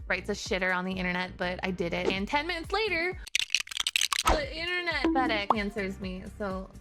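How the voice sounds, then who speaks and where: A woman streamer telling a story in a casual rant, animated and exasperated, swearing freely. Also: medium pitch, normal speed. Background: background music.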